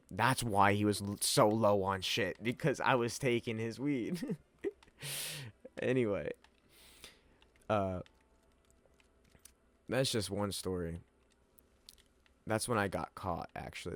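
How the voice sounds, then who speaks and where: A young man telling a story in a loose, rambling way, peppered with slang, curses and bursts of laughter. His voice sits a little low for a man. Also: no echo. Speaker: vlogger. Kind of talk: casual storytelling to camera.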